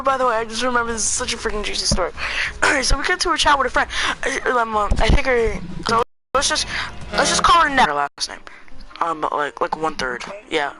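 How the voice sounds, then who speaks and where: A man vlogger telling a storytime story in a rambling, excitable way, using "freaking" a lot, with music playing behind him. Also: very high-pitched, low-quality recording. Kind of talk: storytime vlog. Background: background music.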